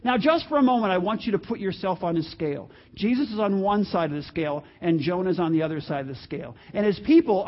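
A man preaching a sermon in an animated way, now and then acting out the voices he quotes. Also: high voice, muffled recording. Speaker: pastor.

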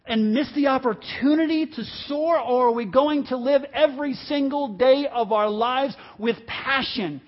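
A man in his fifties preaching a sermon to a church congregation, impassioned and swinging from hushed lines to shouting. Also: very high voice, measured pace, few pauses. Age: 50s. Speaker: pastor. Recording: dull lo-fi sermon recording.

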